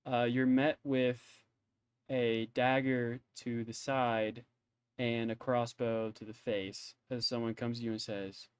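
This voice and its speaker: A man's voice: mid-range voice, clear, resonant tone. A man narrating as game master, rambling along with many hesitant fillers.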